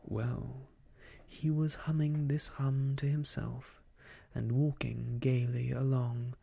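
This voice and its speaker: Slow, breathy storyteller in whispered role-play. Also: medium pitch, level tone. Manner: slow, soft, whispery reading.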